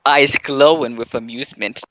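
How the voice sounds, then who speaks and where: A man co-hosting a podcast, reading a horror story aloud with halting, amused delivery. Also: medium pitch, steady tone, a bit bright, dry recording. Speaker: podcast co-host. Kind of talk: casual read-along with jokes.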